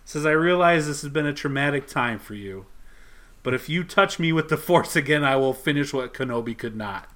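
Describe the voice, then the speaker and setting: A man's voice: on the high side, lively intonation, brisk, a bit bright. A man co-hosting a podcast, casually retelling a comic scene by scene and quoting the characters' lines. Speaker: podcast co-host. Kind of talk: casual chat recapping a comic.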